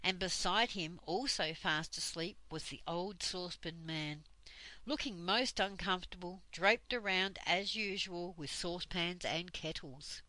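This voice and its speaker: An older woman reading a children's book aloud as a storyteller, gentle and unhurried. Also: fairly low pitch, dry recording, rough recording.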